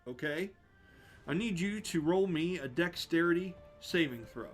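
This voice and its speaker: A man running a tabletop game as game master, narrating the action in a lively, descriptive way and laughing often. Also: a little high, measured pace, soft background music.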